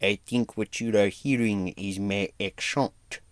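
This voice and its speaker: A man voicing a pompous French racing driver in a slow, haughty put-on French accent. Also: fairly low pitch, steady tone, no room sound, pitched below the performer's own voice, lightly acted.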